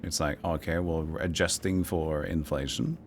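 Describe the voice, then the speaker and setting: A man's voice: a bass voice, fairly even intonation, normal speed, noisy background. A young man chatting casually while streaming a video game and reading chat aloud. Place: home streaming setup. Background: game music.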